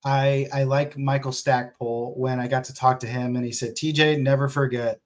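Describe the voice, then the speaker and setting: A man at a middle, everyday pitch, talking through his thoughts on a casual vlog. He speaks as an author answering viewer questions, animated and candid, and he swears freely. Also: moderate pace.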